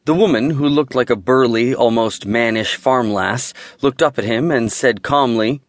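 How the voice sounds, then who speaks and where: A man's voice: mid-range voice, no echo. Male audiobook narrator in dry studio. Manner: steady, measured storytelling. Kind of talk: scripted fantasy narration. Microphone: close studio mic.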